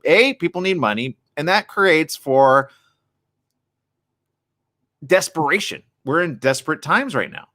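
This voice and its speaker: A man hosting a live radio morning show, chatting casually in an animated, joking, rambling way from the studio. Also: fairly high pitch.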